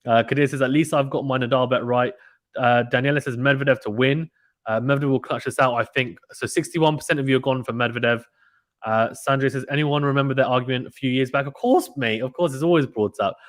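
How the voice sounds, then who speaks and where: A man doing casual live play-by-play tennis commentary, reading out chat messages in an excitable, slangy way. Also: mid-range voice, dry recording. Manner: chatty, excitable, uses British slang.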